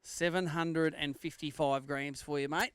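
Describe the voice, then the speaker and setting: An Australian man hosts a live fishing tournament weigh-in, bantering and joking with anglers while announcing weights and standings. His voice is on the high side, steady, fairly bright, and clean, delivered at normal speed.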